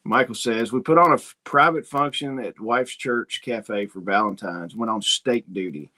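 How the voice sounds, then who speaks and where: Guy hosting a homestead livestream, folksy and rambly, middle pitch, just chatting with viewers. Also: normal speed, bright, forceful tone. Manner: rambling, folksy storytelling with quoted asides. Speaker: homesteading channel host. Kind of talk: casual livestream chat reading comments.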